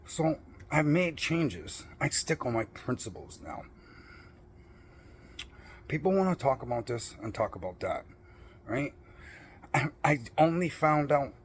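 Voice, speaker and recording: A middle-aged male vlogger with a mid-range voice goes on a blunt, profane personal rant, defiant and boastful about his principles. There's a little hiss or hum in the recording.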